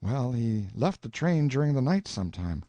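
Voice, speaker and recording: A man's voice: mid-range voice, big pitch swings, normal speed, warm tone, dry recording, voice pushed up, lightly acted. A man voicing an earnest, eager young man who speaks plainly and trustingly.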